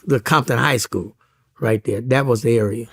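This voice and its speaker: A man's voice: medium pitch, moderate pace, gravelly, husky, no echo, clean studio sound. A man, a former police officer, recounting events in a casual interview, often stumbling and repeating words.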